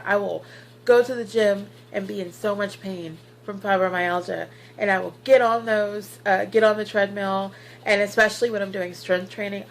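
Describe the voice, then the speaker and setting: Poor audio with slight background noise carries a woman's mid-range voice. She's a vlogger in her thirties making a personal weight-loss video, speaking earnestly and encouragingly, filling her talk with fillers, and sometimes near tears.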